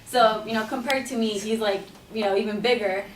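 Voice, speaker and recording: Fast-talking woman telling a story. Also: fairly high pitch, steady tone, a little hiss or hum. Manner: chatty, heavy with "like" and "you know". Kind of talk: casual spoken anecdote. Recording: roomy echo, mic at a distance.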